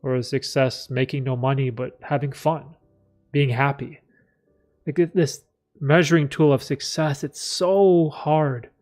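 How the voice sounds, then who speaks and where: A man's voice: mid-range voice, fairly even intonation, a little slow, darkish tone, faint music behind. Candid man rambling on a live stream. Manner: candid, rambling, frequent fillers and throat clearing. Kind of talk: casual live stream chat, reading chat.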